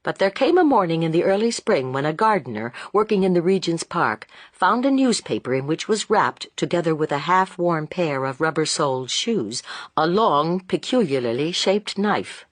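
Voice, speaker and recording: A woman reading a classic novel aloud in measured, expressive narration. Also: deep voice, no room sound. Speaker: audiobook narrator. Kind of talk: scripted narration.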